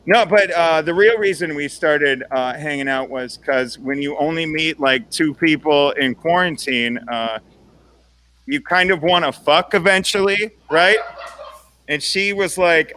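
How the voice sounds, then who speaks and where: His voice sits on the high side, pushed and bright, and he takes his time. Performing stand-up, this young man keeps things casual, pokes fun at himself, and follows his jokes with a tag-on "right?" for the audience.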